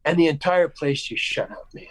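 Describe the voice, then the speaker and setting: American guy telling a story on a video call, kinda high voice, dry close sound, keeps restarting and doing the voices. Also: fairly quick, dry recording, poor audio. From United States. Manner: animated anecdote-telling with restarts and acted-out quotes. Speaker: guest actor. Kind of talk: casual storytelling interview.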